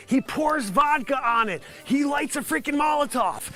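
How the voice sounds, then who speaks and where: A man with a high, bright voice riffs through an improvised comedy bit as a mock news reporter, now and then breaking into shouts. Music plays faintly behind him. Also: animated, moderate pace. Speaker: host of a live comedy stream.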